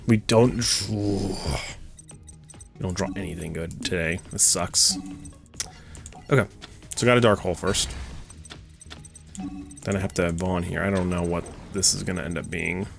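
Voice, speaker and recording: Here a young man with a gravelly, medium-pitched voice narrates his card game play as a streamer. He grows more and more frustrated, ranting and cursing as the commentary goes on.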